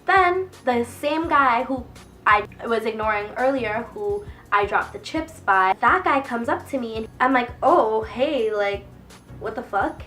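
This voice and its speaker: Speaking a little slowly in a higher voice, a young vlogger tells stories to camera in a casual, animated way, swearing a lot and performing the voices she quotes. She sounds distant from the microphone, with faint music playing behind her.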